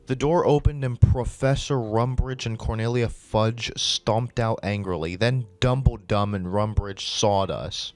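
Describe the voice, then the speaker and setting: A man's voice: fairly low pitch, measured pace, hardly any pauses, no room sound. A man doing a comedic reading aloud, breaking off into exasperated, swearing reactions. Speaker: video creator.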